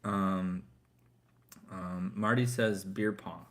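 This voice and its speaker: A man's voice: low voice, steady tone, very slow, a bit bright. A man in his thirties co-hosting a live stream Q&A, reading out viewer comments and teasing his co-host in casual chat.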